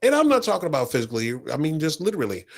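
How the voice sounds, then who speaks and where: Earnest, lively-pitched man on a podcast. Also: racing. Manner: earnest, motivational, storytelling. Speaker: podcast co-host. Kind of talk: casual heartfelt podcast talk.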